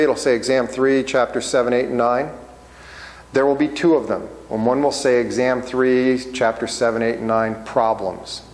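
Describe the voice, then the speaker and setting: A man's voice: medium pitch, big-room sound, poor audio. A man teaching a class, walking students through steps in a casual classroom manner and often checking in with "okay?". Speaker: accounting instructor. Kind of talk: classroom walkthrough.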